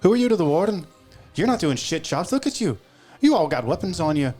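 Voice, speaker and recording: A man's voice: mid-range voice, big pitch swings, fast talker, breathy edge, faint music behind. A man voicing a rude, harried red-haired woman farmhand who swears and snaps orders in a tabletop game. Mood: suspicious. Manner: snappish, swearing, shouting orders.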